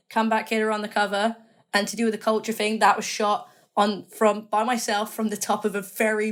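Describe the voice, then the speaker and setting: A woman, a magazine editor guest, chatting casually and enthusiastically, rambling and correcting herself as she goes. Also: mid-range voice. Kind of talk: casual interview chat.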